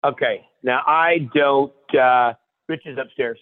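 A man of middle pitch tells energetic, animated stories as a guest, often repeating and restarting his phrases. He calls in over a dry, thin phone line with no room sound. He acts out the quotes with a lively push. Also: takes it slowly, no echo. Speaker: guest chef. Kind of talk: animated storytelling on a radio show.

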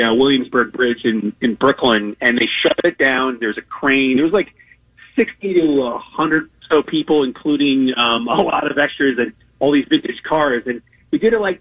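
A man's voice: medium pitch, breathy edge, no echo. A man, a guest on a radio show, telling stories in a loose, chatty way with lots of laughs and fillers. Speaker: guest, TV food challenge host. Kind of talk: casual radio interview. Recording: dull lo-fi phone-in sound.

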